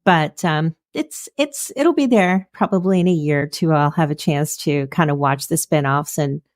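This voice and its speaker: A woman's voice: deep voice, moderate pace, dry recording, clean studio sound. A woman hosting a podcast interview, enthusiastic and gushing, with lots of likes and ums. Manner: enthusiastic, gushing, filler-heavy. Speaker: podcast host. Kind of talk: casual interview chat.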